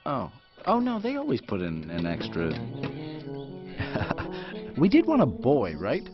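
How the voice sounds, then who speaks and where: A bumbling new father robot from a cartoon film, fumbling cheerfully in a slow, wildly swinging voice. Loud music plays behind the muffled clip. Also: medium pitch, wildly swooping pitch.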